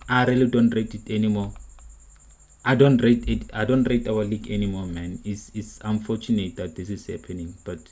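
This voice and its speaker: Frustrated football streamer. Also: male voice, fairly low pitch, flat delivery, brisk, darkish tone, low-quality recording. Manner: repetitive, frustrated, earnest. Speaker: livestream host. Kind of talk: football reaction commentary.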